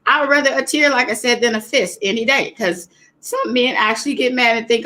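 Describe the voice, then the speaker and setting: A woman's voice: a little high, fairly quick, sharp tone. A woman hosting a casual livestream, talking about relationships and thanking viewers in the chat by name. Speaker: livestream host.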